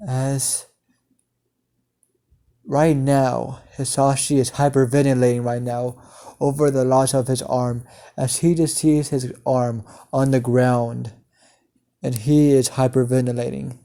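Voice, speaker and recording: A man improvising a dark fan story, halting and full of fillers as he strings clauses together. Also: medium pitch, little pitch movement. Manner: halting, many fillers and restarts, chained "as she" clauses. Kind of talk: improvised fan-fiction narration.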